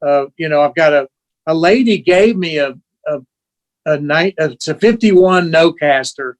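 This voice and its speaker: A man in his sixties spins a story for an interview, animated and expressive. He acts out the voices of the people he quotes. His voice sits fairly high for a man. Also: normal speed. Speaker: guest musician.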